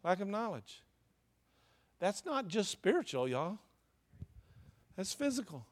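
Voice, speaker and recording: A man's voice: high-pitched, very animated, slow. A man preaching a sermon, tossing questions to the congregation and answering them. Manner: call-and-response preaching, asks the congregation questions. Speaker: pastor.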